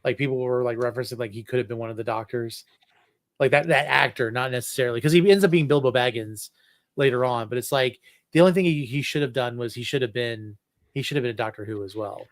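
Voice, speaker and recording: A man's voice: medium pitch, quick pace, no echo, clean studio sound. A man in his thirties hosting a casual fan podcast, rambling with many restarts and fillers. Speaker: podcast host. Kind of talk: casual chat.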